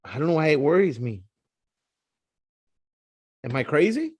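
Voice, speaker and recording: A man's voice: a little high, sing-song, measured pace, darkish tone, slightly rough, no room sound. Hesitant, stumbling male co-host. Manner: hesitant, stumbling, second-guessing. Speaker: podcast co-host. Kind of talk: casual sports betting chat.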